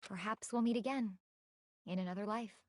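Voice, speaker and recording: An actress voicing a composed, coolly polite young woman gambler in a video game, speaking softly and formally. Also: medium pitch, moderate pace, close to an everyday voice. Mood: composed farewell. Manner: soft, composed, quietly formal.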